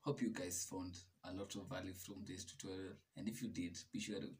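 A man hosting a casual coding tutorial, chatty and relaxed, laughing at his own mistakes. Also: low voice, a little fast, distant mic.

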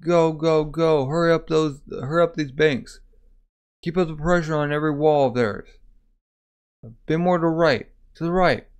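A man reading a manga aloud, voicing a male soldier who shouts orders during a siege. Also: a little high, normal speed, clear, resonant tone, pitched above the performer's own voice, natural voice. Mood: commanding.

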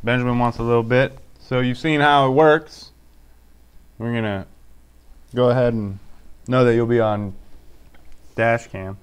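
A man's voice: medium pitch, steady tone, a little slow, pauses often, clean tone. A man in his thirties, a father hosting a casual home review vlog, laid-back and joking, swearing casually.

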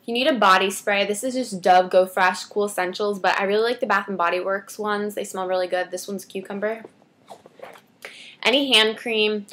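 A woman's voice: medium pitch, fairly even intonation, moderate pace, fairly bright tone. A teenage girl talks to camera in a casual beauty vlog. She rambles with chatty asides and backtracks. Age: teens. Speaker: beauty vlogger.

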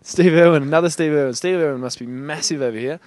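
A man's voice: on the high side, fast, a little mellow, dry recording. Laughing young Australian man interviewing. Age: young adult. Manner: jokey, laughs often. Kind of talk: casual street interview.

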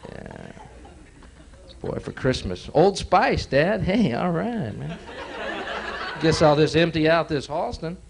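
A man's voice: fairly high pitch, lively intonation, slow pace, gravelly, pauses often. A young man from Texas in his twenties doing sardonic stand-up comedy, often laughing at his own jokes. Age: 20s. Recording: noisy 1980s live club tape.

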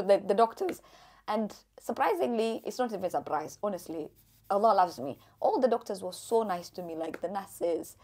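A young woman from Kenya, chatty and animated, telling her own story to camera in a casual vlog, laughing often. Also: medium pitch. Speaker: vlogger.

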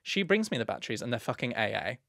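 Teasing man, lively pitch. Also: fast talker, gravelly, no echo, clean studio sound. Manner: playful, teasing, mock-grand. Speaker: podcast co-host. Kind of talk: casual podcast chat.

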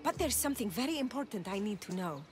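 Game NPC: actress plays a tender young island woman, wistful and fond, lively higher voice over music. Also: quick pace, close to an everyday voice. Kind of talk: video game dialogue.

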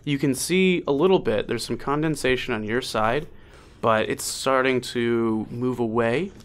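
A man's voice: mid-range voice, unhurried. A man narrating as game master, in a loose, casual way with fillers and swearing.

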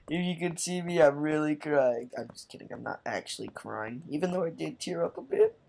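A man's voice: fairly high pitch, sing-song, fairly quick, vocal fry, darkish tone. A man giving playful, rambling let's play commentary, joking around while playing a game. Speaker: gamer.

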